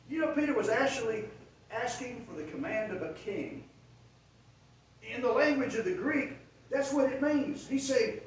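A man's voice: extremely high pitch, lively intonation, moderate pace. A man preaching a sermon, retelling a story with dramatic swells in volume. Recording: echoey room from far off, faint noise.

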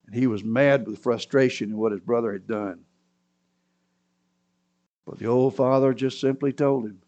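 A man's voice: mid-range voice, fairly even intonation, normal speed, pauses often, a little mellow, lo-fi sound. A man preaching a sermon, retelling a scripture story with dramatic swings and sudden raised cries.

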